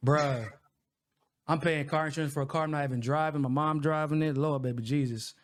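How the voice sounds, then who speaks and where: A man's voice: on the high side, fairly quick. A man in his thirties co-hosting a casual commentary chat, ranting with profanity and frequent laughter. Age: 30s. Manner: profane, laughing, animated rants. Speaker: co-host.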